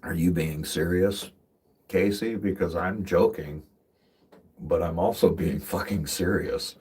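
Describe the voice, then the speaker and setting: A man with a very deep, heavily husky voice chats on a livestream from behind the wheel. He rambles in loose, profane stories, laughing often at his own jokes. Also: fairly even intonation, a little slow, a little mellow. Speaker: livestreamer and tree climber. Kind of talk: casual livestream chat. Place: in a vehicle while driving.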